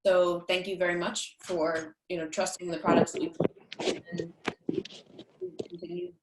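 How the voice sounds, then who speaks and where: A woman's voice: lowish voice, little pitch movement, normal speed, heavy background noise. A woman hosts a podcast in easygoing casual chat. She laughs readily, and her voice carries the echo of a roomy space. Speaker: podcast host. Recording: echoey room.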